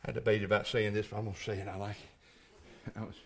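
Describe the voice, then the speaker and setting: A middle-aged male pastor preaching a sermon in a church, folksy, moving between quiet storytelling and shouted climaxes. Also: lowish voice, level tone, fast, slight background noise.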